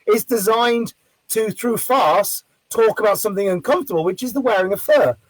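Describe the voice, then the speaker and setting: A man who works as a street performer, telling a story in casual chat, animated and swearing freely. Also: sits high, moderate pace, no room sound, poor audio. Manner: animated, acts out quoted voices loudly.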